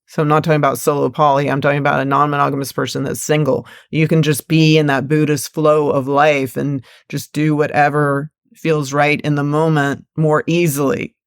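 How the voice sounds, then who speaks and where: A woman with a smooth, clear voice talks through her ideas on a podcast, pausing and restarting as she thinks. The sound is dry and close. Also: low-pitched, flat delivery, dry recording. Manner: reflective, thinking aloud with fillers. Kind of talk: casual podcast conversation.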